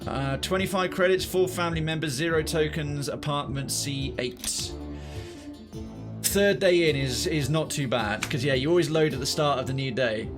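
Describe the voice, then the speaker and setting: A man's voice: on the high side, normal speed, music in the background. A man streaming a video game, rambling casually through his commentary and swearing now and then. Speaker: gaming streamer.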